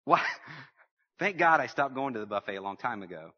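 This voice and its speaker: A man preaching a sermon, lively and humorous, calling out to his congregation. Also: mid-range voice, a little fast, long reverb tail, highs cut off. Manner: lively preaching with humor and audience call-outs. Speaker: pastor.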